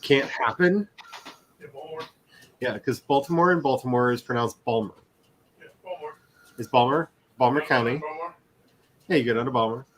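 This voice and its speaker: A man's voice: mid-range voice, moderate pace, pauses often. A man in casual chat, teasing his friends and telling long, rambling stories. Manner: teasing, rambling anecdotal storyteller.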